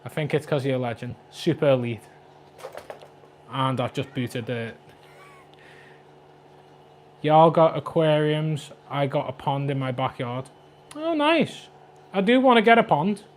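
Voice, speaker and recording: A man in his twenties with a Scouse accent, chatting quickly and jokily on a livestream about his aquarium, reading out viewer comments. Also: fairly high pitch, animated, slight background noise. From Liverpool, England. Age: 20s. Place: flat at home.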